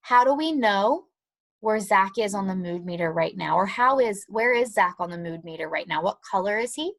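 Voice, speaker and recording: Her voice sits at a medium pitch with lively intonation and a normal pace. Teaching little kids over the internet from home, she stays patient and encouraging, mixing lesson time with a read-aloud, a dog close by.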